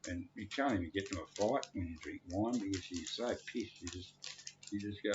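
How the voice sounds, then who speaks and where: Casting: low-voiced man, a bit drunk, crude rambling monologue, dull lo-fi sound. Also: a little fast, background noise. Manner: crude, rambling, cursing freely. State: tipsy.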